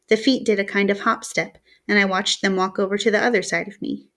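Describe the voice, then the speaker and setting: A woman reading a novel chapter aloud as an audiobook. Her narration is steady and told in the first person, as a storyteller. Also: medium pitch, a little fast, few pauses. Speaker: reader.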